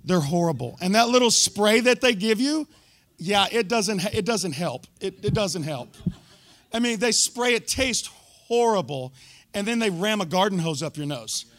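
A man giving a sermon testimony to a church group, telling his story with loud bursts and sudden hushed asides. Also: high voice, animated, moderate pace, dry recording.

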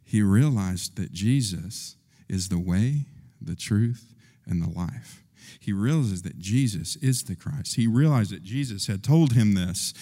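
A male pastor delivers a sermon at an unhurried pace, slipping into the voices of the people he describes. His voice rings with the long reverb of a large hall. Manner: animated, acts out quotes with rising pitch.

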